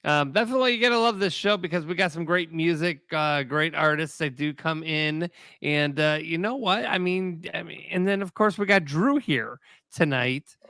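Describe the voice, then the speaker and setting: An easygoing man from the Houston area hosting a relaxed music show. He speaks in a high, bright voice and uses plenty of fillers. The recording is close and dry. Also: normal speed, few pauses, clear, resonant tone, dry recording. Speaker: host. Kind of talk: casual chat.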